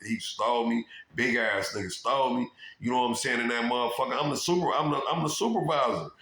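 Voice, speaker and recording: A man telling his own story in a rambling, profane, animated monologue and repeating "you know what I'm saying". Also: medium pitch, fast. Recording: roomy echo.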